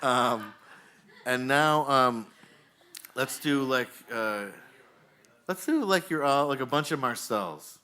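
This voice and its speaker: Man, live comedy host, bright forceful voice, rambling and halting, jokey, on a bar stage, handheld mic. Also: medium pitch, clear, resonant tone. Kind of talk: live comedy, directing the audience.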